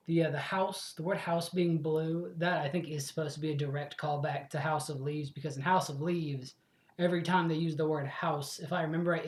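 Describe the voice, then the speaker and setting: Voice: medium pitch, darkish tone, roomy sound. A let's play host in casual commentary, rambling, swearing freely and correcting themself as they go.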